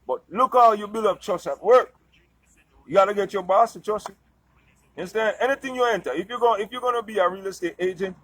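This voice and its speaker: A man's voice: high-pitched, fairly bright tone, a little hiss or hum, low-quality recording. A man giving casual motivational advice straight to his viewers, in a loose, rambling way, checking in after nearly every point to ask if they understand. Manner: loose, rambling delivery with restarts, breaks into singing. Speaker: vlogger giving life advice. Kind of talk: casual motivational monologue to camera.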